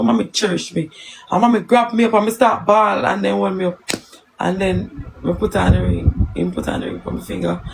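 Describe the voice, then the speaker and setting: A woman's voice: on the high side, gravelly, a little hiss or hum, low-quality recording. A woman with a Jamaican accent chatting casually on a live stream, answering viewers and telling stories in patois.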